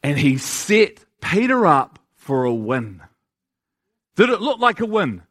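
Male preacher, high pitch, emphatic sermon delivery that keeps asking the listeners questions. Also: big pitch swings, slow, fairly bright tone. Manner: emphatic, asks the audience rhetorical questions.

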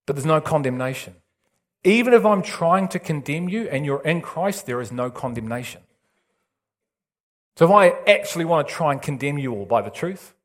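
A man preaching a sermon with urgent intensity and emphatic repetition. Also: medium pitch.

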